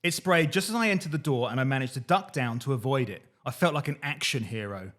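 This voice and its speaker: A man hosting a podcast, reading diary entries in a dry, deadpan way between casual chat. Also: medium pitch, fast talker. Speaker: podcast host reading diaries.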